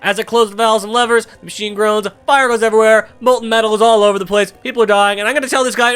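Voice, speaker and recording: A young man giving irreverent let's-play commentary, animated and swearing freely. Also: high-pitched, fast talker, hardly any pauses, clear, resonant tone, faint music behind. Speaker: gameplay commentator.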